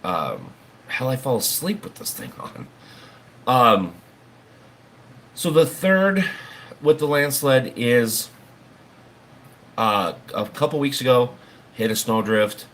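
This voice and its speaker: A man's voice: mid-range voice, very animated, slow pace, long pauses, a bit bright, slight background noise. A man hosting a livestream, chatting casually in a rambling, folksy way and swearing now and then. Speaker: livestream host.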